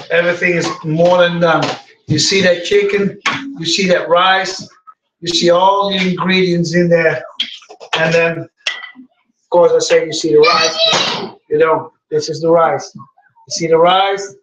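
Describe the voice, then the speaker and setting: A man's voice: fairly high pitch, fairly even intonation, slow pace, a bit bright, muffled recording, slight background noise. Middle-aged male cooking host, chatty and rambling, recorded far off in an echoey room. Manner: chatty, rambling, addresses viewers as guys. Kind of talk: casual live cooking stream.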